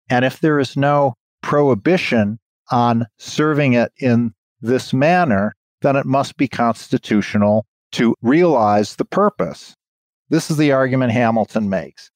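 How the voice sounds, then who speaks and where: A man lecturing on history, explaining court arguments in a measured, explanatory way. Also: mid-range voice, no room sound. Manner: measured, explanatory, reads historic quotations aloud.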